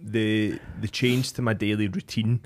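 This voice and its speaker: Blunt, emphatic male coach, slightly low pitch, casual podcast talk. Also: flat delivery, a little slow. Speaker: fitness coach.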